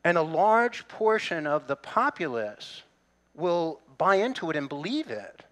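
A man's voice: fairly high pitch, very animated, measured pace, fairly bright tone. A middle-aged male pastor preaching a sermon in a conversational way, with humor and asides to the congregation.

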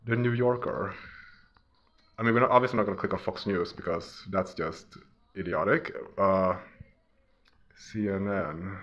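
A man's voice: sits low, steady tone, a little slow, long pauses, fairly bright tone. A man giving a casual, mocking rant as he browses online, often laughing at his own jabs. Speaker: vlogger. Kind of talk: casual ranting commentary while browsing.

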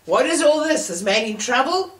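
A woman's voice: sits high, expressive, normal speed, pitched above the performer's own voice. A woman preacher voicing a stern, impatient male cafeteria manager who speaks curtly in a retold story. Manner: curt, impatient. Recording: roomy church sound from far off.

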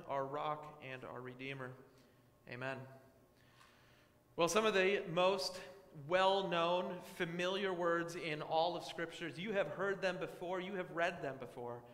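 Male pastor, fairly high voice, earnest sermon delivery, recorded in a reverberant church. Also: fairly bright tone. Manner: earnest, emphatic, slows down on key phrases. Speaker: guest pastor. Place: church sanctuary. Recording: echoey church with long reverb.

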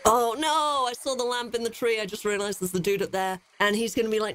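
A woman commenting on her gameplay as a let's play host, excitable and jumpy, swearing often. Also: medium pitch, a little fast, few pauses. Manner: excitable, swears a lot, jumpy and easily scared.

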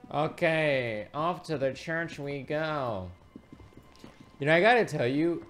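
A man giving casual, animated gameplay commentary as a streamer, rambling and swearing freely. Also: on the high side. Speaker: gaming streamer.

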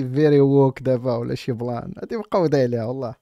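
A Moroccan-accented man rattles off reaction commentary at breakneck speed, scoffing at what he watches. His voice sits at an ordinary middle pitch and comes through close to the mic, with a dry, dead sound and no room around it. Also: steady tone, warm tone, dry recording. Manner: rapid, mocking, switches between languages. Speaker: streamer reacting to a video.

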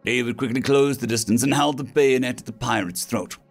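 A man narrating a science-fiction story in a dramatic, expressive reading style. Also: medium pitch, brisk. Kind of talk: scripted sci-fi story narration. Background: faint background music.

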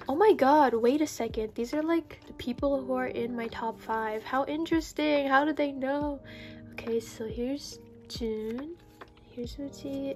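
High-voiced young woman, gushing vlogger opening mail, music underneath. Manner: excitable, gushing, breathy exclamations. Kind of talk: unboxing haul vlog. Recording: background music.

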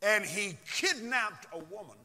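High, bright-voiced preacher in an echoing hall. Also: male voice, animated, unhurried. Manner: dramatic, swings from shouts to whispers. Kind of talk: sermon. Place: church. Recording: long reverb of a large hall.

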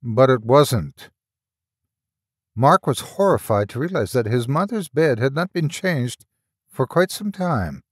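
A man reading a horror audiobook aloud with a dramatic, measured delivery and slow pauses. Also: medium pitch, animated, husky, no echo, clean studio sound. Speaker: audiobook narrator. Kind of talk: scripted horror audiobook narration.

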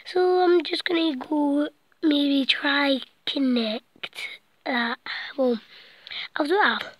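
A woman's voice: high-pitched, fairly even intonation, takes it slowly, no room sound, low-quality recording. A woman vlogging from inside a small blanket fort at night, out of breath, rambling and chatty and now and then dropping to a whisper. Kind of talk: casual night vlog. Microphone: camera set close by.

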